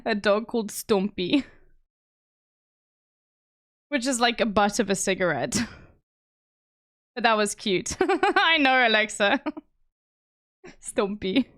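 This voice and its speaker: A woman's voice: fairly high pitch, lively intonation, takes it slowly, pauses often, a bit bright, dry recording, studio quality. A woman streaming, chatting casually and laughing often. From South Africa. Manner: giggly, chatty, laughs a lot. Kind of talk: casual chat.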